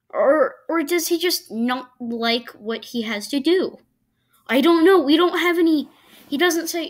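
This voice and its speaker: A woman's voice: high-pitched, animated. A woman giving casual reaction commentary to videos, arguing her points with frequent stops and restarts. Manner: halting, argumentative, many restarts.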